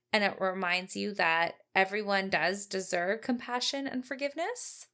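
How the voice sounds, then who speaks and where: Female true-crime podcast narrator, mid-pitched, calm and steady. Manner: steady storytelling, calm and supportive. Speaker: podcast co-host.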